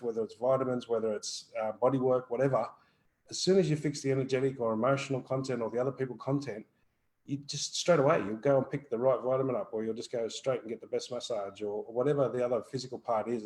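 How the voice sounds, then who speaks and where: A man co-hosts a live Q&A stream as an energy healer, speaking bluntly and cursing freely about feelings and energy healing. His mid-range voice is slightly mellow, and the recording quality is low.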